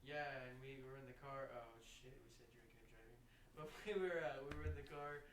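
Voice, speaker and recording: A man's voice: medium pitch, fairly even intonation, a little fast. Young guy laughing thru a drunk story, roomy echo, some noise behind. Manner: loud, laughing retelling of drunk stories. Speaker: podcast co-host, host's brother. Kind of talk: casual chat. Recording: echoey room with background noise.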